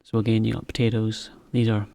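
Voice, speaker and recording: A man teaching to learners, talking in a relaxed, chatty way with a laugh now and then. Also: lowish voice, fairly quick, gravelly, dry recording. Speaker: English teacher. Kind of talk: slow, clear explanation for learners.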